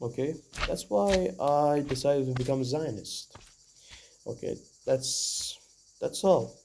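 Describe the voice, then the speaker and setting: A man's voice: medium pitch, expressive, slow pace, creaky, background noise. A young man from Iran giving a rambling, earnest opinion monologue to the camera, full of "like" and "you know". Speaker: vlogger.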